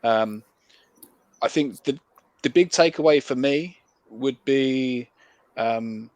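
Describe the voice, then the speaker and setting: A man's voice: mid-range voice, no echo. A man with an English accent, a salesman talking in a friendly, persuasive way with many fillers over a video call. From England. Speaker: sales rep on a practice cold call. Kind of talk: casual sales chat.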